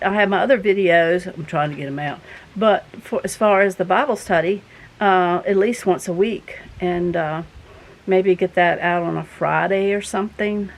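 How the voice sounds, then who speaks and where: In a rough recording, the Southern vlogger host speaks in a mid-range voice, still out of breath after walking in from her outdoor garden. Her casual talk to viewers rambles along in a folksy, earnest manner.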